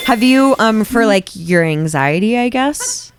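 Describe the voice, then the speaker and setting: A young woman in casual chat as a stream co-host, animated and giggly, swearing playfully. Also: on the high side, a little slow, slight background noise.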